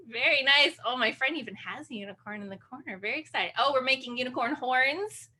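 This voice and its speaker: High, bright woman leading kids' sing-along. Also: fast talker, few pauses, faint music behind. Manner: playful and encouraging, with gasps and animal noises. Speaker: children's sing-along host. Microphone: video call.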